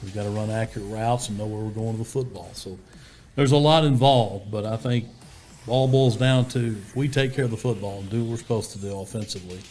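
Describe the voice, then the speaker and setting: Man, coach in a pre-game interview: fairly low voice, plain and steady, lots of "you know", faint music underneath. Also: fairly quick. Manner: steady, plainspoken, with many fillers and restarts. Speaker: head football coach. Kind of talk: interview answers.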